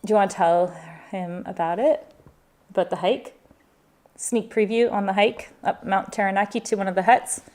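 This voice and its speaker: A woman's voice: medium pitch, moderate pace, a little mellow. A Canadian woman in her forties hosting a live Q&A for her family's travel channel, talking in an upbeat, chatty way and stringing her thoughts into long lists. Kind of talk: live Q&A chat.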